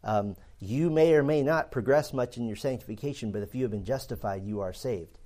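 A man's voice: medium pitch, fairly quick, mellow. A man giving a theology lecture in an earnest, explanatory way, often restarting phrases with fillers. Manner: earnest, repeats words while thinking, many fillers. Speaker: theology teacher. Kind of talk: classroom lecture.

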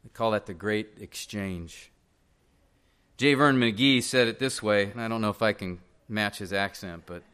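A man's voice: fairly low pitch, normal speed, fairly bright tone, clear, resonant tone. A male pastor preaching a sermon in a church, earnestly pressing direct questions on the congregation.

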